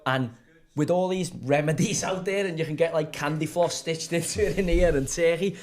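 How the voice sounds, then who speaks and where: High-voiced lad, bantering. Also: male voice, moderate pace. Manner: jokey, calls people "lad". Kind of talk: casual banter.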